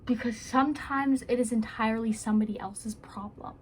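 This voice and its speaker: A woman's voice: fairly high pitch, fairly even intonation, fairly quick, husky. A woman giving earnest, rambling self-help advice to camera in a casual vlog, with playful asides.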